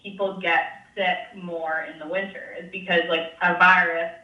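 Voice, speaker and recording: A woman's voice: lowish voice, flat delivery, moderate pace, bright, forceful tone. A woman in casual chat, hedging her explanations with lots of "like". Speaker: guest. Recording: roomy, distant, dull sound.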